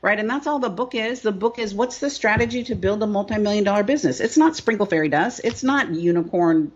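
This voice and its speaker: A woman's voice: mid-range voice, lively intonation, fast. Middle-aged woman coach, candid and emphatic interview voice, dull recording. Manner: emphatic, repetitive, rhetorical "right?". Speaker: business coach and author.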